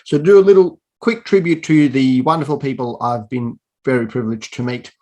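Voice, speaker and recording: A male awards presenter with a dark tone and medium pitch speaks a little fast from a remote video setup. His tongue-in-cheek hosting is playful and self-mocking, full of dry wit.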